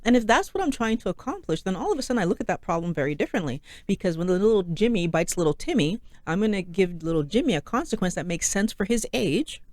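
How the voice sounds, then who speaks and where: A woman's voice: mid-range voice, sing-song, quick pace, few pauses, a little mellow, no room sound. A middle-aged woman, a psychologist co-hosting a casual health chat, explaining with examples and rhetorical questions. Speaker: co-host, psychologist.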